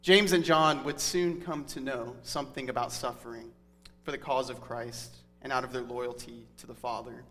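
A man's voice: mid-range voice, fairly even intonation, moderate pace, bright, forceful tone, soft background music. A man in his thirties preaching a sermon in a conversational, earnest teaching manner. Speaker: pastor. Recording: long hall reverb.

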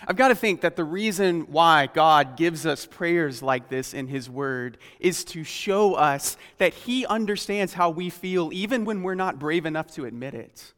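Male preacher, fairly high voice, earnest and questioning, slows for scripture, long hall reverb. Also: expressive, fairly bright tone. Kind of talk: sermon.

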